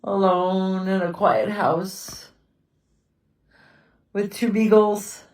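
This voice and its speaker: A middle-aged woman, a widow, talking slowly and haltingly about her grief in a quiet house at night, often breaking into tears. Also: mid-range voice, fairly even intonation, reverberant, far from the mic, poor audio. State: tearful. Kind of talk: personal confessional vlog.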